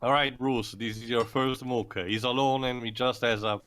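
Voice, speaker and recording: A man's voice: mid-range voice, fairly even intonation, moderate pace, a bit bright, smooth. A man making wry, sarcastic quips during a casual movie commentary. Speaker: commentary group member.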